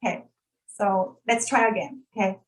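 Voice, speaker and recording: A woman's voice: mid-range voice, fairly even intonation, moderate pace, rough recording. A woman presenting an online workshop over a video call, carefully demonstrating and repeating sounds for learners to copy.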